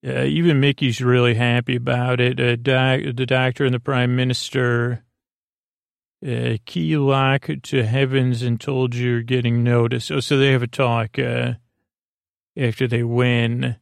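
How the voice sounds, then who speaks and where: A man hosting a sleep podcast, recapping an episode in a meandering, halting way full of fillers and restarts. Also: mid-range voice, little pitch movement, vocal fry, smooth, dry recording, clean studio sound. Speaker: podcast host.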